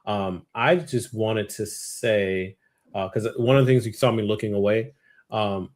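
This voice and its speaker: A man with a somewhat low voice hosts a casual online chat show. He speaks in a relaxed, halting way, filling pauses with ums. The sound is that of a video call. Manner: relaxed, hesitant with many ums. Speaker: host.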